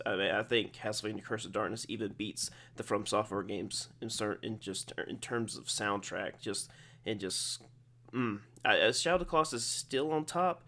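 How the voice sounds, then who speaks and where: Young man, gaming commentary, rambling, self-correcting, somewhat low voice. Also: fairly bright tone. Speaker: gaming channel host. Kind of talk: casual video game commentary, partly reading his own post.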